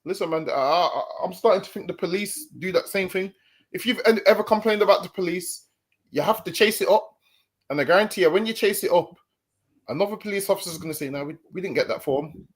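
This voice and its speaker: A man's voice: high-pitched, fast talker, breathy edge. A man talking casually, often restarting his sentences with repeated words. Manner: stammering restarts, conversational. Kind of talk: casual commentary.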